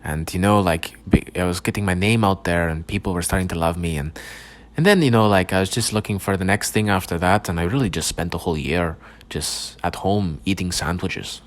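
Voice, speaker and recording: Brief: young male podcaster, deep low voice, loose profane rambling monologue, frequent false starts. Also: fairly quick. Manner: rambling, profane, stumbling restarts. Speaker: podcast host. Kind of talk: casual solo podcast monologue.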